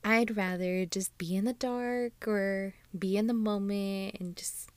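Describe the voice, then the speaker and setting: A woman's voice: medium pitch, steady tone, measured pace, darkish tone, smooth, no echo. A young woman co-hosting a podcast in casual chat. She talks bluntly and frankly and swears freely. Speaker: podcast co-host.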